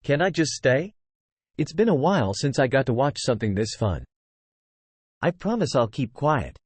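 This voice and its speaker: A man's voice: mid-range voice, big pitch swings, moderate pace, slightly rough, no room sound. A man voicing a cheeky young woman in a novel reading, asking playfully to stay. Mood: pleading.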